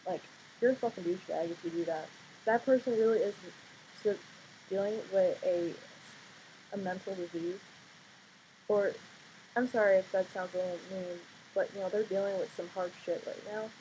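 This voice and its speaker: A young woman in her teens vlogging casually at home late at night, sleepy and quiet, rambling with fillers and blunt outbursts. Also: medium pitch, fairly even intonation, moderate pace, a little hiss or hum, poor audio. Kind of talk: casual vlog monologue.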